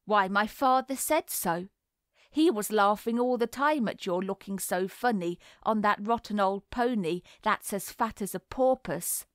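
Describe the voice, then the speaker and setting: A woman reading the part of a smug young schoolboy who taunts and mocks, in a slow, boastful way. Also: mid-range voice, no echo, clean studio sound, close to an everyday voice. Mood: taunting. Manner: gloating, mocking, boastful. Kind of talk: audiobook character reading.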